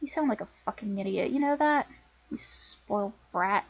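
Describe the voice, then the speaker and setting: A woman's voice: high-pitched, animated, moderate pace, dull audio. A woman voicing an angry, bossy older sister in her twenties who scolds and lectures her younger sibling. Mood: scolding.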